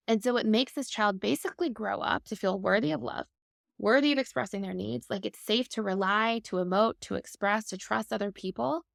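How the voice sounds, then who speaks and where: A woman's voice: medium pitch, brisk, gravelly, no echo, studio quality. A woman in her thirties, a guest expert, explaining attachment styles in a fluent, upbeat conversational way.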